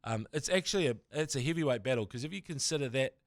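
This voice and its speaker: A man's voice: mid-range voice, animated, quick pace, no echo, clean studio sound. A man co-hosting a sports podcast, chatting with enthusiasm and easy laughter as a keen fan. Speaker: podcast co-host. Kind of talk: casual sports podcast banter.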